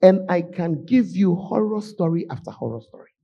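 A man preaching a sermon in a church, voice hoarse, swinging from shouts to low murmurs. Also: animated, normal speed, muffled recording. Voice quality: husky. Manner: emotional, shouting preaching with sudden drops to low tones. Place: church sanctuary.

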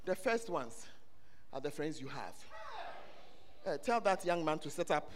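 A man preaching a sermon in a church, swelling into loud, sing-song shouting. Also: on the high side, lively intonation, a little slow, slight background noise. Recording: long reverb of a church hall.

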